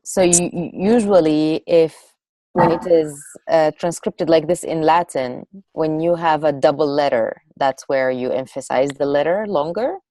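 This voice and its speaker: A woman co-teaching an online beginner class, explaining in English with pauses as she searches for words. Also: low voice, warm tone, dry recording. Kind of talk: online language lesson.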